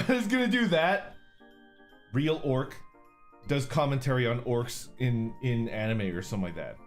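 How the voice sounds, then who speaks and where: A man chatting with his viewers in a relaxed, easygoing way, cursing freely and laughing often. His pitch swings around a lot as he talks, and soft music plays faintly behind him. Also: normal speed. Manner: laid-back, profane, laughs often. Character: orc persona streamer. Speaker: streamer. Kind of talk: casual chat reading super chats.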